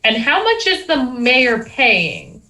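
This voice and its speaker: A woman's voice: on the high side, huge pitch swings, slow pace, sharp tone, rough recording. A woman playing a tabletop game, chatty and asking practical questions. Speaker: player.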